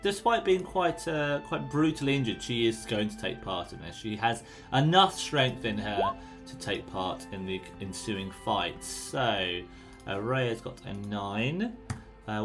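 A man's voice: on the low side, a bit bright. Man running a tabletop game. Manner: descriptive, unhurried, encouraging to players. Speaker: game master.

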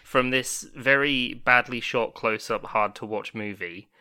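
A man's voice: medium pitch, a little slow, background noise. A man co-hosting a podcast in casual chat, joking and swearing in wry asides. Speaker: podcast co-host.

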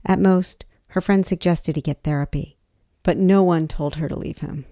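A woman narrating a personal story in a measured, reflective way. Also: on the low side, steady tone, mellow, dry recording, clean studio sound.

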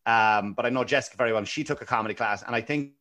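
A man's voice: mid-range voice, racing, fairly bright tone. A man in his forties with an Irish accent, a comedian chatting as a podcast guest, blunt and sweary, often stumbling and repeating words. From Ireland. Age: 40s. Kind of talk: casual podcast chat.

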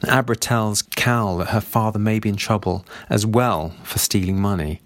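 A man calmly talks through a novel and reads passages from it in a measured way. His voice is low, and the recording is dry and close. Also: no room sound. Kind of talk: reading and commenting on a novel.

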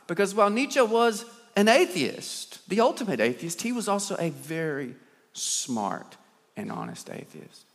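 A man preaching a sermon as a dramatic storyteller, firing rhetorical questions and swinging between loud and soft. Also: high voice, big pitch swings, unhurried. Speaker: pastor. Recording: long hall reverb.

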